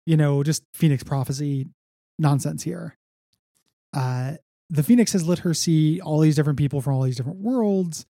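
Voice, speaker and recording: A man with a gravelly, mellow voice talks through a comic book issue on a podcast. He rambles wryly, dropping dry jokes between plot points. The sound is close and dry. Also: fairly high pitch, normal speed, dry recording. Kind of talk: casual chat.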